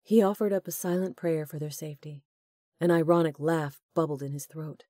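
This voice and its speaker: A woman narrating a romance audiobook in steady, measured storytelling. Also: sits low, dry recording, studio quality. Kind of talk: scripted narration.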